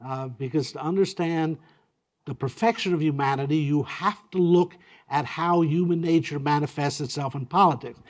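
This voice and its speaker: A man giving a university lecture, talking in a halting way with many fillers and restarts. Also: fairly high pitch.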